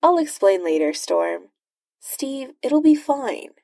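Woman reading a breezy wisecracking man, unhurried, mellow tone. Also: sits high, big pitch swings, vocal fry, no room sound, pitched above the performer's own voice, full character voice. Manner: cheerful, teasing. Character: cocky wisecracking male hero, breezy.

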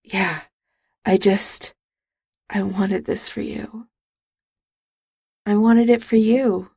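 A woman voicing a quiet, emotional grown man in a romance audiobook, speaking in a hushed, near-whispered way. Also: mid-range voice, steady tone, drawn-out words, slightly rough, no room sound, studio quality, heavily acted.

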